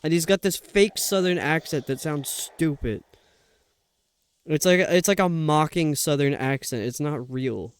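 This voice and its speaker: Smooth-voiced man grumbling through live gameplay. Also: fairly high pitch, measured pace. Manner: talks to himself, grumbling and exasperated. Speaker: streamer.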